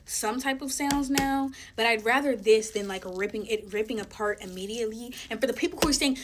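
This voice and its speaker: A young woman chatting casually and telling a storytime while making slime, talking in an emphatic, animated way. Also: on the high side, a little fast, few pauses. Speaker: storytime vlogger. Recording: noticeable background noise.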